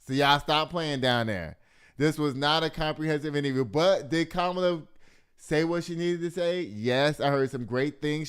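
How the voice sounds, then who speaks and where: Smooth-voiced man giving casual news commentary. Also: on the high side. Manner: chatty, addresses viewers as y'all, swears freely. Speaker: host of a gossip and news commentary show.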